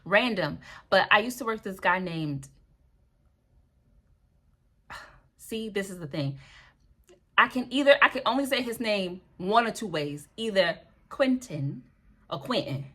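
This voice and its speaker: A woman's voice: medium pitch, lively intonation, unhurried, pauses often, pushed and bright. A woman talks straight to the camera from her home, chatting loosely and drifting from one thing to the next. She laughs at her own slips and keeps the tone light and playful, the way a beauty and lifestyle vlogger does. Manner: rambling, playful, laughs at herself. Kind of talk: casual chatty vlog.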